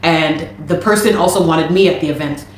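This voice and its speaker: A woman, telling a personal story in an animated, indignant way. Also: low-pitched, moderate pace, roomy sound, a little hiss or hum. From Canada. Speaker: storyteller recounting a dispute.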